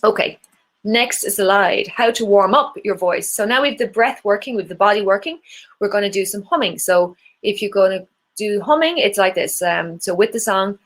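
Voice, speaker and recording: A woman's voice: mid-range voice, normal speed, a bit bright. A woman with an Irish accent teaching an online singing workshop, encouraging and demonstrating vocal exercises. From Ireland.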